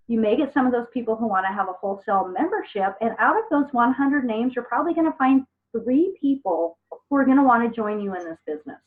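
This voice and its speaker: A woman teaching an online business class in a chatty, upbeat way, talking to her students by name over a video call. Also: a little high. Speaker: business trainer. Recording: phone-like video call audio.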